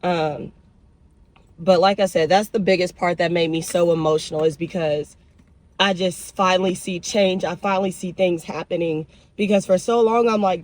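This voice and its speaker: A woman's voice: lowish voice, normal speed. A young woman vlogging from her car, chatting casually and emotionally to her viewers. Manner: chatty, emotional and animated, addresses viewers as y'all. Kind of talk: casual chat. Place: in a car on a drive-thru run. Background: vehicle noise.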